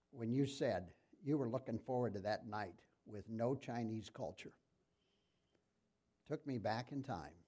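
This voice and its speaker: Man, middle-aged, sermon, chatty preaching, mid-pitched voice. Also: mellow. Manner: conversational, asks the congregation questions.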